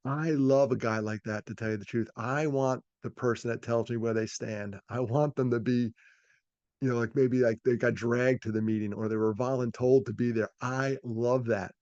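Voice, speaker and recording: A man's voice: medium pitch, steady tone, normal speed, a little mellow, no room sound. Middle-aged man from New York, folksy self-deprecating storyteller, muffled dry call audio. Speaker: speaker. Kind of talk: storytelling talk. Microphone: video call.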